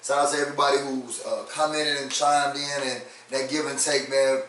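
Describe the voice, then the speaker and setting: A man co-hosting a podcast, giving laid-back, slangy shout-outs in casual chat. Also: medium pitch, steady tone, normal speed. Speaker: podcast co-host. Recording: echoey room, far from mic, faint noise.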